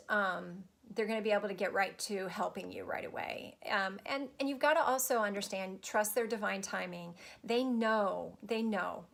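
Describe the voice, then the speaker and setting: Gravelly-voiced lady coach gushing at her live stream viewers, chatty, lots of restarts. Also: mid-range voice, a bit bright. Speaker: spiritual life coach.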